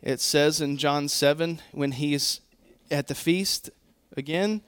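A man pastor preaching a sermon, earnest and emphatic, often quoting scripture and pausing to correct himself. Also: fairly high pitch, fairly bright tone, smooth.

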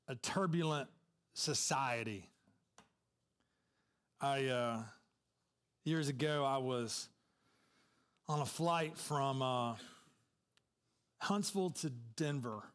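A man's voice: mid-range voice, a bit bright. A man preaching a sermon as a pastor, telling a personal story in a conversational way with asides to the congregation.

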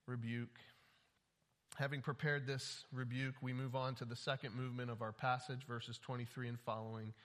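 A man's voice: fairly high pitch, bright, forceful tone. A man preaching a sermon, urgent and pleading, often rising in emphasis. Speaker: pastor.

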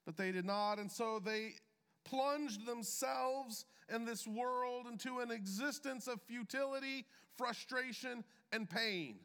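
A man preaching a sermon as a pastor, measured, with deliberate pauses and emphatic drops. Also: extremely high pitch, sharp tone, clean tone, long reverb tail. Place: church sanctuary.

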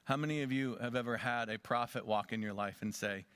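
A man preaching a sermon as a pastor, swinging between loud urging and quiet asides. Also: mid-range voice, a little fast, clean tone, no echo.

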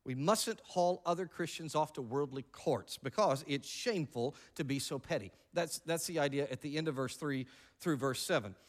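A male pastor preaching a sermon in an animated way, with joking asides and emphatic repeated words. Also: a little high, normal speed.

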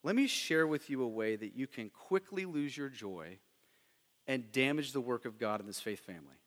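A man's voice: medium pitch, expressive, normal speed, big-room sound. A middle-aged man preaching a sermon as a pastor, talking conversationally with frequent rhetorical questions. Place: church sanctuary.

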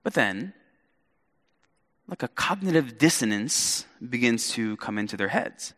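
A man preaches from the pulpit with a lively, sweeping delivery and playful asides. His voice is bright and forceful, a bit high for a man. Long reverb from a church hall trails his words. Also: unhurried. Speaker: pastor. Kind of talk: sermon.

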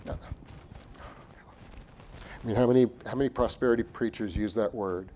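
A man preaching a sermon as pastor. He talks earnestly, repeats and restarts phrases, rises to emphatic peaks and drops to a quiet tone. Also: fairly low pitch, moderate pace, a little hiss or hum.

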